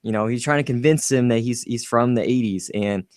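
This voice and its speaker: A man co-hosting a podcast, chatting casually about a film, animated and laughing often as he acts out quotes. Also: medium pitch, fairly quick, no echo, studio quality. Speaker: podcast co-host.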